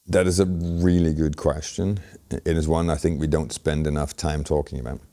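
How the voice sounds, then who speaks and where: A man's voice: extremely low pitch, fairly even intonation, normal speed, warm tone. A middle-aged man giving reflective interview answers as a guest, thoughtful and full of "you know" fillers and restarts. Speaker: interview guest, healthcare innovation leader.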